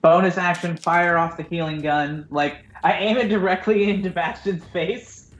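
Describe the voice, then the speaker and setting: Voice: medium pitch, moderate pace, muffled recording. A player in a tabletop game, thinking aloud while counting out moves. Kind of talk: casual tabletop game play. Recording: roomy echo, faint noise.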